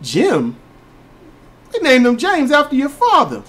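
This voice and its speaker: Man doing a high teary mother voice, scolding, swooping pitch. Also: huge pitch swings, unhurried, fairly bright tone, heavily acted.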